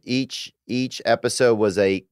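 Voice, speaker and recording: A man's voice: fairly low pitch, fairly even intonation, unhurried, clear, resonant tone, no echo. Man telling offbeat jokes, dry sound. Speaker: comedian, podcast co-host. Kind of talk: casual chat.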